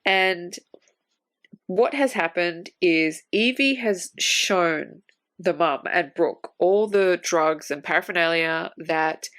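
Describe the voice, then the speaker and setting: A woman talks through a film scene by scene on a podcast in casual, loose chat. She slips into animated quoted voices for the characters and swears freely. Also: on the low side, slow pace. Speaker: podcast co-host.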